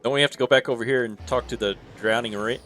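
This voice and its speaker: A man's voice: mid-range voice, fairly even intonation, fast talker, a bit bright, soft background music. A man co-hosting a casual gaming stream, easygoing and laughing often while playing. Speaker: co-host playing a game for the first time.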